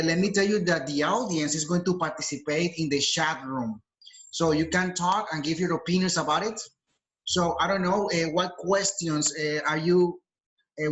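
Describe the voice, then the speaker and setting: A man's voice: fairly high pitch, a bit bright, rough recording. A male teacher giving hesitant, filler-heavy feedback to students over a video call. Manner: hesitant, many fillers and restarts.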